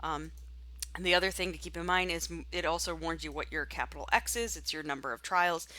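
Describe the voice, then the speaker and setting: A woman teaching statistics by talking through a software tutorial, chatty and thinking aloud as she clicks. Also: low-pitched, fairly quick. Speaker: statistics instructor. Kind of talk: screen-recorded software tutorial.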